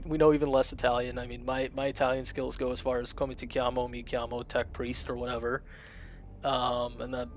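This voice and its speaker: A man's voice: mid-range voice, a little hiss or hum. A man chatting casually on a game stream, rambling with lots of fillers and reading chat aloud. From Russian-speaking family, immigrated to America. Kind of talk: casual live-stream chat while gaming.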